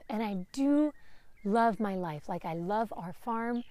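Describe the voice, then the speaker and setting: Speaking openly and with feeling, a podcast host in her late thirties swears liberally through a frank personal monologue. Her pitch is medium, her delivery animated at a moderate pace, and the recording dry.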